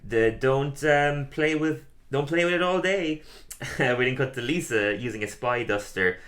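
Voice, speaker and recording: A man's voice: medium pitch, expressive, a little slow, fairly bright tone. A man co-hosting a podcast, casually recapping a cartoon episode, laughing often and acting out quoted lines. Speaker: podcast co-host.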